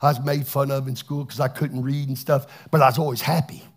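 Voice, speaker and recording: A man preaching a fervent Pentecostal sermon, swinging from chatty asides to shouted bursts. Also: mid-range voice, little pitch movement, fairly quick. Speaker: pastor.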